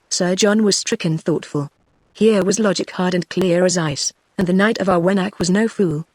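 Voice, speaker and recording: A text-to-speech voice with a woman's sound and a British English accent, giving scripted narration of a novel in an even, machine-made reading. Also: on the low side, moderate pace, no room sound.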